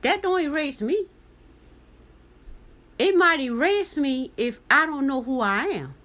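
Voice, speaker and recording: A woman from the United States reads a news article aloud on her vlog and breaks in with her own commentary. Her voice sits a little high and swings widely in pitch. She questions the text pointedly as she goes. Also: takes it slowly. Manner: animated, talks back to the text with pointed questions. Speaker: commentary vlogger.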